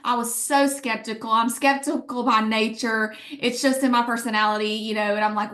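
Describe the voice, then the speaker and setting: A woman with an Alabama accent giving a motivational business pitch, telling her story with emphatic asides. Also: fairly even intonation, a little fast, few pauses, a bit bright. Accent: Southern US, Alabama. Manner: emphatic storytelling, quoting herself and others. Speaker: guest speaker on a business call.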